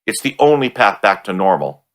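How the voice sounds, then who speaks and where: A man's voice: fairly low pitch, big pitch swings, moderate pace. A Canadian man hosting a political podcast, bantering bluntly with his guest and reading a sponsor message. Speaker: podcast host and interviewer. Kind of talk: interview hosting and sponsor read.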